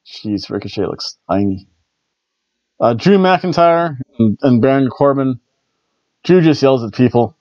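A man's voice: medium pitch, expressive, measured pace, pauses often, a little mellow, no echo, dull audio. A man hosting a casual wrestling review show, rambling with jokey asides. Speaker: wrestling review podcast host. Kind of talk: casual recap commentary.

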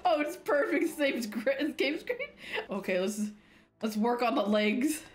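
A young woman chats through a game stream, giggling nearly nonstop. Her voice sits high and swings widely in pitch, and she takes her time with the words. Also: very animated, a little slow. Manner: giggly, laughs constantly while talking. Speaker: gaming streamer. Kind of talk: casual let's-play chat.

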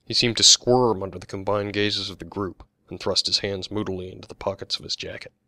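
A man narrating his own mystery novel as an audiobook, in a steady, plain storytelling manner. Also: fairly low pitch, brisk, no room sound.

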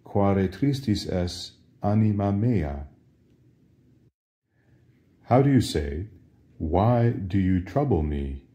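A man with a very low voice leads a Latin lesson at a slow, unhurried pace. He asks a question and then gives the answer, patiently, again and again. His tone is dark and mellow throughout. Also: expressive. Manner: patient, repeats each phrase as a question and answer. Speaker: Latin teacher. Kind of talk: slow drill-style language lesson.

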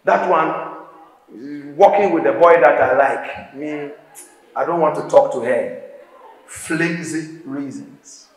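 A man with a Ghanaian accent giving an emphatic, repetitive speech to school students, often breaking into shouts. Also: fairly high pitch, takes it slowly. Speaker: motivational speaker addressing students. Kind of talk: preaching-style speech to a school crowd. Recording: echoey hall with faint background noise.

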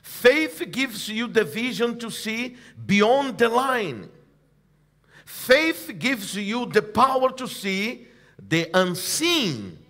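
A man's voice: extremely high pitch, big pitch swings, extremely slow, fairly bright tone. A male pastor preaching a sermon, leading his congregation in call-and-response and hammering points with emphatic repetition. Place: church service.

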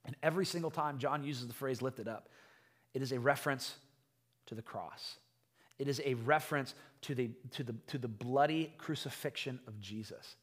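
A man preaching a conversational sermon as pastor, retelling a story in an animated way with frequent restarts. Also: mid-range voice, normal speed.

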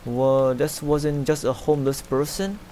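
A man voicing a woman police dispatcher in a game, speaking in a flat official phone manner. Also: fairly high pitch, a little slow, slight background noise, pitched above the performer's own voice, lightly acted, low-quality recording.

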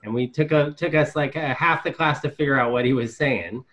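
A man calling in to ask a question, hesitant, with many fillers and restarts, his voice trailing off quietly. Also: medium pitch, brisk, crowd noise. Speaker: caller asking a question. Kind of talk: casual question from a listener.

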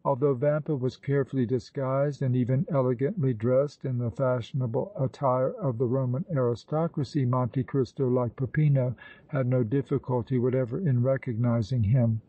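A man narrating a classic novel as an audiobook, in a measured, even reading. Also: medium pitch, dry recording, distant mic, narrow, tinny audio. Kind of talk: scripted narration.

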